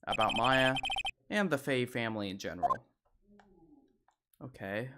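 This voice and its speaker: A woman's voice: rumbling low, animated, unhurried. A woman giving casual, musing commentary while playing a video game. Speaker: let's player. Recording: loud game music behind.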